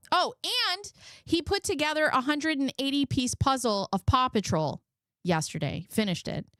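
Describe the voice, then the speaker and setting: Chatty swearing woman streamer, smooth voice. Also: a little high, fairly bright tone, dry recording, studio quality. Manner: chatty, blunt, swears, thanks viewers. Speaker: livestream commentary host. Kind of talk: casual livestream commentary.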